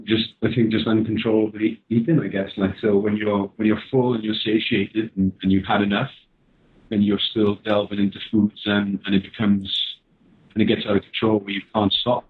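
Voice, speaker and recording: Brief: male trainer guest, measured and hesitant, thin lo-fi line. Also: fairly low pitch, little pitch movement. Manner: measured, explains with hesitant restarts. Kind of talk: casual podcast chat. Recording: husky voice over a tinny phone-like line.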